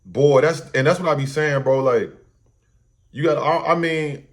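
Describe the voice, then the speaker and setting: A man's voice: on the high side, steady tone, measured pace. Slangy, rambling man reacting. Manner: loose, slangy and profane, repeats and restarts often. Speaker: host. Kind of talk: casual reaction commentary.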